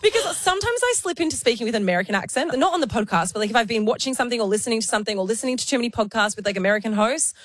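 A woman's voice: on the high side, animated, rapid-fire, few pauses. A woman co-hosting a podcast, chatting casually with laughing asides and the odd swear. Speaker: podcast co-host. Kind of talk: casual chat.

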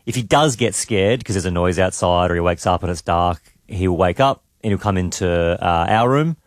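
A man's voice: sits low, normal speed, dry recording, clean studio sound. A man, hosting a morning radio show and telling a family story in casual chat. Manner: storytelling, animated quoting of his son. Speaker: radio host. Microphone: studio mic.

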